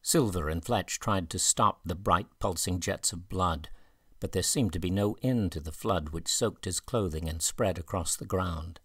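A man narrating a southern gothic audiobook in an even, measured way. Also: low voice, slightly rough, dry recording, studio quality. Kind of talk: scripted narration.

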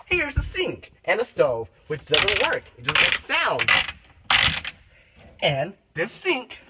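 A man's voice: sits high, wildly swooping pitch, takes it slowly, heavy background noise. A man filming a playful parody home tour on his phone, grumbling in mock complaint and slipping into silly exaggerated voices. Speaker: vlogger. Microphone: phone camera.

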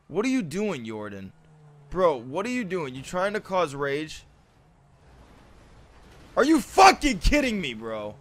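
High-pitched lisping man raging at a game. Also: big pitch swings, slow, long pauses, slight background noise. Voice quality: lisp. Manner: yelling and swearing in bursts of rage. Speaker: game streamer. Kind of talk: raging live gameplay commentary. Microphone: cheap mic that cuts out on loud shouts.

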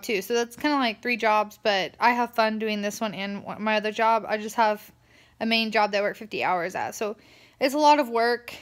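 A woman's voice: medium pitch, fairly bright tone. A tired young woman, rambling through a casual vlog rant full of fillers. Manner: chatty, rambling, lots of "like" fillers. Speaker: vlogger.

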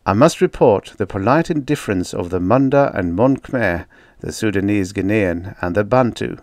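A man voicing a polite, calm male linguist, speaking in a measured, slightly raised tone. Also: fairly low pitch, no room sound, studio quality, close to an everyday voice.

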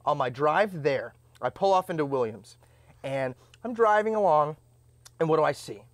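A man's voice: a little high, normal speed, dry recording. A young man from Indiana co-hosting a podcast, chatting casually and acting out his own reactions as he tells stories. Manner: animated storyteller, acts out his own reactions. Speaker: podcast co-host. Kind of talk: casual chat, storytelling.

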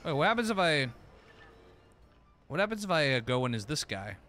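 A man's voice: a little high, very animated, moderate pace, pushed and bright, soft background music. A man streaming a game, giving casual commentary, laughing often and swearing casually.

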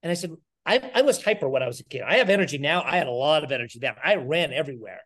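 A middle-aged man telling a story as an interview guest, energetic and animated, acting out the voices of the people in it. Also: a little high, very fast. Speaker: podcast guest, entrepreneur.

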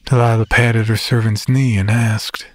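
A man giving steady, measured scripted narration of a horror story. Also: on the low side, dry recording.

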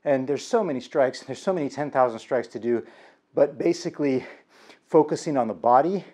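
A man teaching aikido in an instructional vlog, talking in an energetic, encouraging way. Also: mid-range voice, fairly quick, husky.

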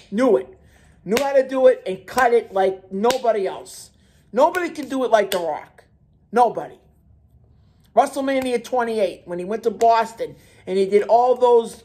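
A man's voice: high-pitched, a little mellow, slight background noise. Man ranting, hammering the same point. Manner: repetitive, emphatic, heated; restarts and repeats words. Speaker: wrestling commentary channel host. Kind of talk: solo wrestling opinion rant.

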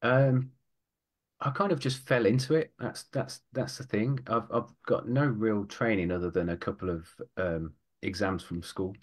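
A man's voice: fairly low pitch, fairly even intonation, moderate pace. A British man, an author being interviewed on a podcast, talking in a rambling, thoughtful way and often correcting himself. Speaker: guest author.

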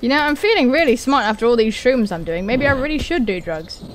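High, lively woman gaming host. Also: quick pace, background noise. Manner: playful and swearing, swinging from mutters to shouted outbursts. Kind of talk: playing and joking over gameplay.

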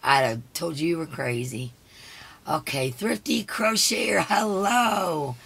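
A hoarse woman hosting a casual live stream. She chats along and greets each viewer by name. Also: on the low side, takes it slowly, fairly bright tone. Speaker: livestream host.

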